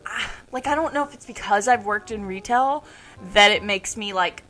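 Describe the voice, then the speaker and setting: A young woman co-hosting a podcast, telling retail stories in a lively casual way and swearing freely. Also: mid-range voice, normal speed, faint music behind. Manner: animated storytelling, swears freely. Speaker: podcast co-host. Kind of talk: casual chat.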